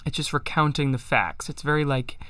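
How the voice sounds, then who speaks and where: A man with a fairly high, bright, forceful voice talks briskly on his livestream, casually discussing chant with self-deprecating humor and singing psalm tones to demonstrate. The recording is dry and studio quality.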